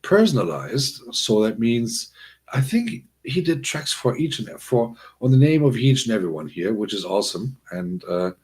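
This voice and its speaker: A man's voice: mid-range voice, big pitch swings, normal speed, a little mellow. A man hosting a casual livestream, talking to his chat in a rambling, chatty way with many fillers. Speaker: livestream host.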